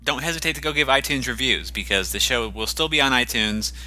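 A man's voice: medium pitch, animated, a little fast, sharp tone. A man co-hosting a podcast in casual chat, talking in a hesitant, self-deprecating way with frequent ums and restarts. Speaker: podcast co-host.

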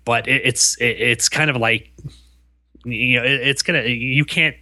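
A man's voice: medium pitch, steady tone, measured pace, sharp tone, dry recording. A man co-hosting a casual podcast, talking things through thoughtfully with frequent restarts. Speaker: podcast co-host. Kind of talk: casual comic book podcast chat.

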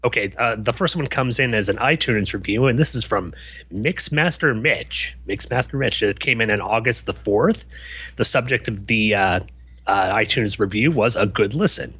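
A man co-hosting a podcast in casual chat, easygoing and wry, quick to laugh at himself. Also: fairly low pitch, pushed and bright, breathy edge. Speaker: podcast co-host.

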